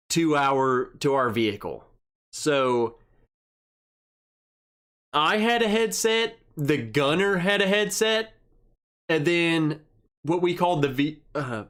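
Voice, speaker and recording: A man's voice: on the high side, a bit bright. A young man hosting a casual live stream, rambling through an army story and reading viewer comments aloud. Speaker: livestream host.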